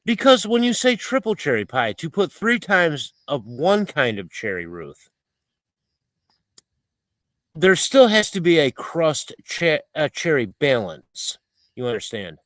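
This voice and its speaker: A man's voice: a little high, big pitch swings, measured pace, a bit bright, no room sound. A man hosting a casual livestream, chatting in a rambling, playful, mock-fussy way as he reads viewer comments. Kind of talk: casual live-stream chat. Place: home, outdoors at night.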